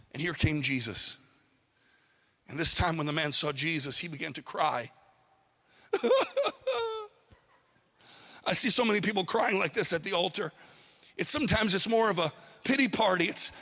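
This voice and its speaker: A man preaching a sermon, telling a story with animated delivery and calling on his audience to respond. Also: a little high. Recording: long hall reverb.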